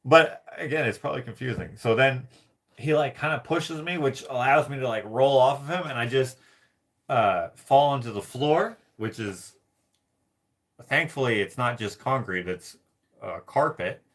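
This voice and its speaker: A man's voice: medium pitch, normal speed, a bit bright. A man telling a rambling personal story to camera, laughing often and filling his talk with "like". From Canada. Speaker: vlogger.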